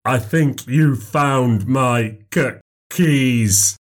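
A man voicing a very tall, pale male stranger who speaks slowly with a halting stutter. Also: medium pitch, pitched above the performer's own voice. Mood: insistent. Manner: slow halting stutter on hard sounds.

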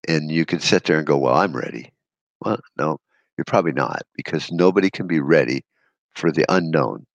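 A man's voice: extremely low pitch, no room sound. A man hosting a solo podcast, ranting bluntly and sarcastically with frequent swearing. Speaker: podcast host.

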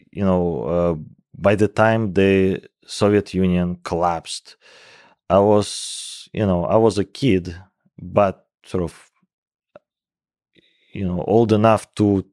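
A man's voice: low voice, darkish tone, dry recording, clean studio sound. A man in his forties from Russia with a thick Russian accent, a scientist talking in an interview with many fillers and restarts. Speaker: guest scientist. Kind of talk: casual interview conversation.

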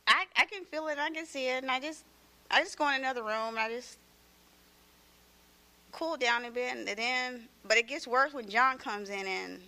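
A mother talking about her family, hesitant and halting, searching for her words. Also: high-pitched, bright, forceful tone. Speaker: guest, mother of children. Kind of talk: personal conversation.

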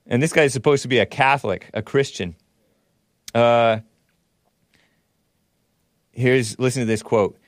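A man's voice: mid-range voice, unhurried, long pauses, no room sound, clean studio sound. A man hosting a show, giving sarcastic, mocking commentary on the news. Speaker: host.

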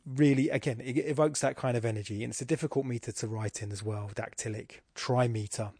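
A man's voice: mid-range voice, a little mellow, no echo, clean studio sound. A man hosting a podcast, analysing a poem in a rambling, self-deprecating casual way, with many restarts. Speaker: podcast host.

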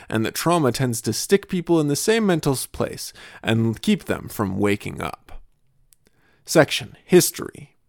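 A young adult man and podcast host telling absurd stories and family anecdotes in a dry, deadpan comic style. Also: fairly low pitch, vocal fry, no room sound.

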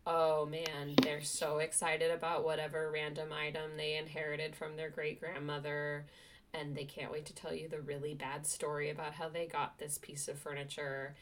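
A woman's voice: low-pitched, monotone, normal speed. A woman hosting a podcast in casual chat, self-mocking and full of fillers. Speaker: podcast host.

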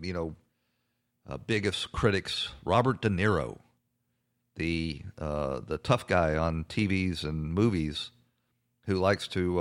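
A man hosting a political talk show, giving indignant commentary with many hesitations and fillers. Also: sits low. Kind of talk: conservative radio talk commentary.

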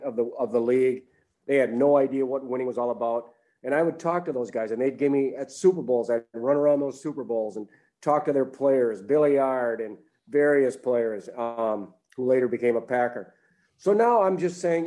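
A man's voice: mid-range voice, warm tone. An older man co-hosting a sports podcast, earnestly reminiscing in casual talk. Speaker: sportswriter co-host.

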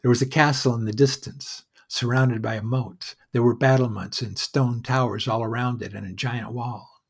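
A man narrating a fairy tale in a measured, wry storytelling manner. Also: mid-range voice, fairly even intonation, gravelly, breathy edge.

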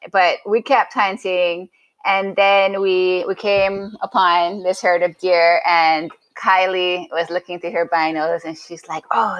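A woman's voice: lowish voice, a bit bright, low-quality recording. A woman, a podcast guest, telling a story casually with lots of restarts and acted-out quotes.

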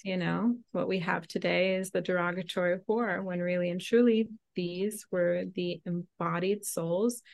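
Woman guest, low gravelly voice, impassioned teacher's cadence. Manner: fervent, preaching cadence. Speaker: podcast guest, priestess. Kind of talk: impassioned spiritual explanation.

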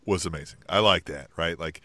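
A man co-hosting a casual wrestling podcast, relaxed and often trailing off softly. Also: low voice, a little fast, dry recording. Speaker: podcast co-host.

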